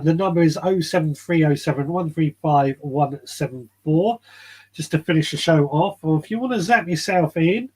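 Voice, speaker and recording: A man hosts a relaxed live chat from a garden shed, talking in a rambling, easygoing way. His voice sits a little high for a man and has a slightly husky edge. He wanders between thoughts and picks up viewer comments as he goes. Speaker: podcast host. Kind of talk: casual live-stream chat.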